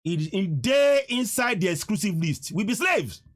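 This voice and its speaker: Sing-song and unhurried, a high-voiced man with a Nigerian accent runs a political livestream. He blends Pidgin and English and preaches, repeating himself for emphasis.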